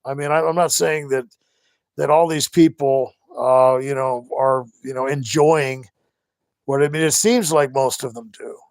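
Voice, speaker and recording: A middle-aged man hosting a live stream, talking casually and rambling with many halting restarts. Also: medium pitch, steady tone, dry recording. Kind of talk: casual livestream monologue.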